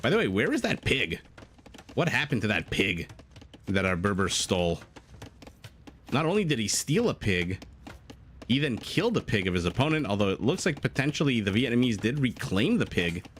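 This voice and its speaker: A man's voice: on the low side, very animated, normal speed, fairly bright tone, a little hiss or hum. A man casting a strategy game live, chatting and joking with his viewers between plays. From Canada. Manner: chatty, jokey, breaks off to answer chat. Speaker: game caster. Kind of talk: live esports commentary, reading chat.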